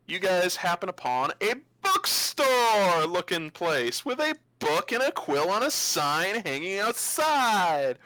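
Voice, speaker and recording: A man running a tabletop game as dungeon master, narrating scenes with a laugh and quick voices for the characters. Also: sits high, sing-song, sharp tone, no room sound, rough recording.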